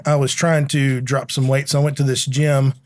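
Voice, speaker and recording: A man's voice: medium pitch, little pitch movement, moderate pace. A man, a guest chatting and telling funny stories. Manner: storytelling, laughs easily. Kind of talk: casual chat.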